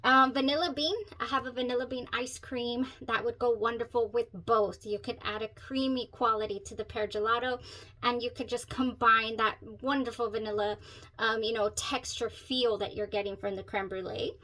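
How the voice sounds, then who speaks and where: A woman's voice: fairly high pitch, steady tone, normal speed, fairly bright tone. A middle-aged woman giving a chatty, casual perfume review, laughing often and correcting herself as she goes.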